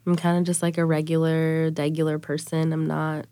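A woman's voice: deep voice, monotone, normal speed, dark tone, clean tone, no room sound, studio quality. A young woman in her twenties speaking bluntly and candidly in an interview, saying "like" often. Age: 20s. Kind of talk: emotional interview recollection.

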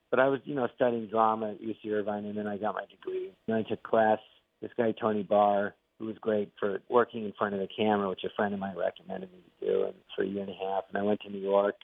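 Animated man on a tinny phone line. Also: fairly low pitch, no echo. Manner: animated storyteller, acts out quotes. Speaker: actor and comedian guest. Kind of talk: casual interview storytelling.

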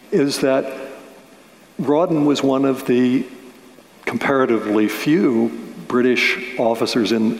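A man's voice: medium pitch, vocal fry. A man, a novelist, talking through his book in a thoughtful, detailed way, often restarting his sentences. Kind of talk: relaxed radio-style discussion. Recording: roomy with long reverb.

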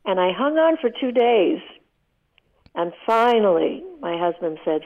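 A woman's voice: mid-range voice, big pitch swings, measured pace. A woman in her eighties, a guest telling heartfelt stories in an emotional, vivid way during a radio interview. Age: 80s. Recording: tinny phone line.

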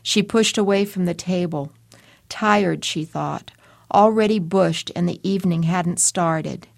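Woman reading a story, measured and quiet, dry close sound. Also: fairly low pitch, creaky, no room sound. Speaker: story reader. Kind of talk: literary fiction reading.

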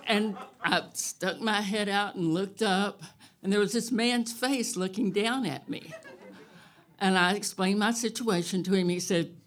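A woman telling a true story on stage at a live event, wry and animated. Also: medium pitch, measured pace. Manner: wry and animated, loud cattle calls.

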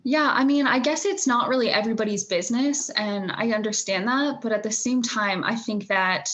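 A woman's voice: on the high side, normal speed, fairly bright tone. A young woman in her twenties, a graduating student answering interview questions in an earnest, reflective way, with fillers and small laughs. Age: 20s.

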